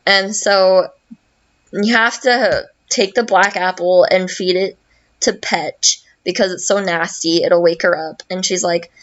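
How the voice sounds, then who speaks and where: A woman's voice: fairly low pitch, steady tone, measured pace, muffled recording. A woman hosting a podcast, casually recapping a video game in a rambling, profane way full of fillers. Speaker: podcast host.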